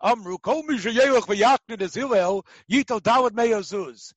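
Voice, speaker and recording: A middle-aged man with an American accent teaching a casual Talmud lesson as a lively storyteller with joking asides. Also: high voice, moderate pace, no echo, rough recording.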